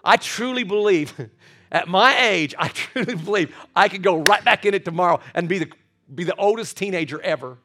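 A middle-aged man preaching a sermon in an animated way, often stammering over repeated words and laughing. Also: high voice, moderate pace, background noise. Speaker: pastor.

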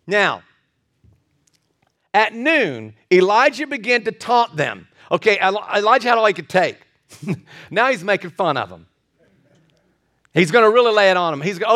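A male pastor preaching a sermon, telling a Bible story with animated, acted-out quotes. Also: high-pitched, normal speed, pauses often.

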